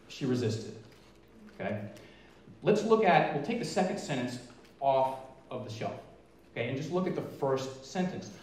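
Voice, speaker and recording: Energetic man speaking in an echoey hall. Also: medium pitch, distant mic. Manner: energetic, emphatic, stretches key words. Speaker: featured speaker. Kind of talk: live motivational presentation. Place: large event hall.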